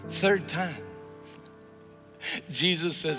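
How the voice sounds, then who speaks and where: In a large church hall, where long reverb and faint music fill the recording, a pastor preaches to people present and watching online. His high-pitched voice is animated but measured in pace as he tells a story, repeating words for emphasis and voicing the people he quotes.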